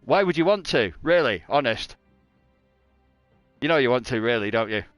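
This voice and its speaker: Chatty race commentator, smooth and dry. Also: male voice, mid-range voice, lively intonation, moderate pace, a bit bright, no room sound, faint music behind. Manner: chatty, joking, self-mocking. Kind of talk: live race commentary chat.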